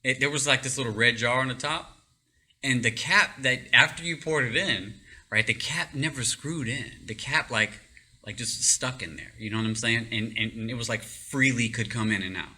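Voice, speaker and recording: An excitable man spins a personal story in a loose, rambling way, full of fillers and restarts. His voice is very bright and sharp-edged, and he often breaks into laughter. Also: mid-range voice, normal speed, slightly rough. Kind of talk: casual storytelling.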